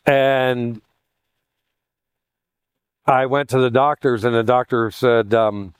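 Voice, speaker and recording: A male pastor tells a self-mocking story from the pulpit, chatty and anecdotal, and slips into animated voices when he quotes others. His voice is smooth and clear and sits at an ordinary pitch. The sound is dry, with little room echo. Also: takes it slowly. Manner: self-deprecating, conversational, anecdotal; animated voicing of quoted people. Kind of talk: humorous sermon storytelling.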